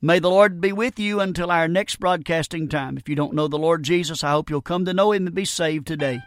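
A man's voice: fairly high pitch, a little fast. A middle-aged man preaching a radio sermon in a folksy, emphatic way, often repeating himself.

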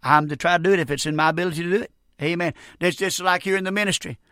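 A man's voice: high-pitched, steady tone, very fast, sharp tone, no room sound, studio quality. A man in his sixties preaching a fervent radio sermon, often breaking in with "Amen".

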